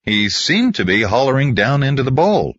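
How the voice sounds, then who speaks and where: A man's voice: medium pitch, big pitch swings, normal speed, a bit bright, dry recording, highs cut off. A man narrating a novel as an audiobook reader in a storytelling manner. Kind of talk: scripted narration.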